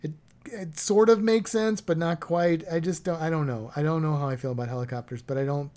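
Low-voiced rambling woman chatting. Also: brisk, warm tone. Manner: rambling, self-correcting, chuckling. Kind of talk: casual chat about travel.

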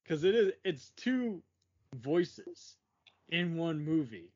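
A man's voice: a little high, very animated, slow pace, a little mellow, husky. A man hosting a casual movie chat, rambling with fillers and laughing often. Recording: muffled lo-fi recording.

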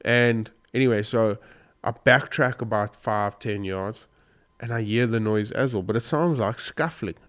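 A man with a slightly low, smooth, clear voice recounts a hunt to his viewers. He rambles and restarts, sounding choked up and sniffly. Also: a little slow, a bit bright. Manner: emotional, rambling retelling with restarts. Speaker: hunting vlogger. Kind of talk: casual storytelling to camera.

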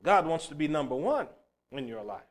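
A man preaching a sermon who swings between loud, emphatic bursts and low, quiet passages, and tells stories along the way. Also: very animated, a little fast. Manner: storytelling, acting out a crying child's shouts.

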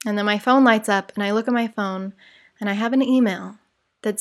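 A woman's voice: medium pitch, a little fast, fairly bright tone. A woman telling a travel story in a chatty, rambling way, acting out the quotes. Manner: chatty, digressive, acts out quotes. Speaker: vlogger. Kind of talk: casual storytime.

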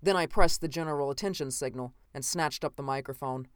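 Smooth, dry audiobook narrator. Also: medium pitch, no echo. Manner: measured, dramatic storytelling in first person.

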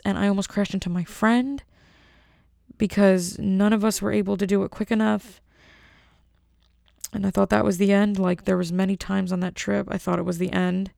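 A woman's voice: medium pitch, creaky, darkish tone, dry recording, clean studio sound. A young woman delivering a rambling, jokey comedic monologue and often interrupting herself.

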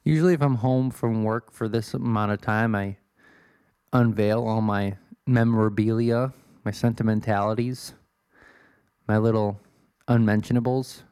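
A man's voice: fairly low pitch, steady tone, normal speed, pauses often, darkish tone, clear, resonant tone, no echo, clean studio sound. A man in his twenties from Illinois, rambling through a casual, self-deprecating monologue as a podcast host. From Illinois, USA. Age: 20s. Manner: self-deprecating, swears, wanders off topic.

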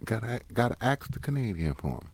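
A man's voice: lowish voice, big pitch swings, fairly quick, darkish tone, slightly rough. A man co-hosting a podcast in casual chat, laid-back, mostly short reactions and quips. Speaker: podcast co-host.

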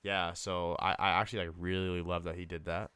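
Young guy w/ a deep smooth voice, casual movie chat, keeps stalling on um and like. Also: level tone, sharp tone, no room sound. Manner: halting, full of fillers and restarts. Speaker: podcast co-host.

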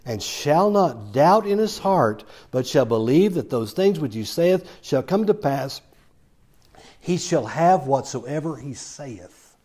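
A man's voice: fairly high pitch, lively intonation, takes it slowly, darkish tone. A man preaching a sermon, telling a Bible story and acting out the quoted lines as he goes.

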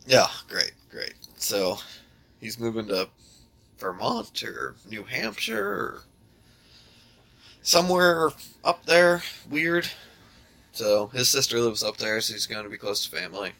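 A man's voice: mid-range voice, sing-song, slow, gravelly, long pauses, pushed and bright. A man in casual chat telling jokes animatedly, with swearing and laughter.

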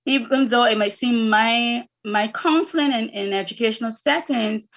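A woman's voice: a little high, moderate pace. Earnest woman educator in a lo-fi interview. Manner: earnest, repeats words while finding them. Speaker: educator and academy founder. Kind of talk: interview answers.

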